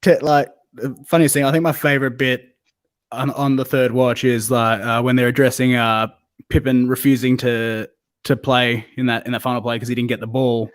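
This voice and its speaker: A man's voice: medium pitch, little pitch movement, normal speed, dry recording, studio quality. Laid-back laughing man. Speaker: podcast co-host. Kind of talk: casual podcast chat.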